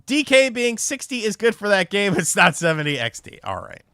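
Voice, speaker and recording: A man's voice: high-pitched, very animated, fairly quick, pushed and bright, clean tone, dry recording. A young man from North Carolina, chatting on a casual livestream and telling rambling, profane stories full of fillers. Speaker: streamer.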